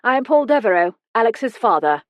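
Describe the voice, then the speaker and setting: A woman voicing a middle-aged English gentleman with a clipped, cut-glass upper-class accent in an audiobook. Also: fairly high pitch, very animated, a little fast, no room sound, dull audio, pitched above the performer's own voice. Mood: polite, brisk.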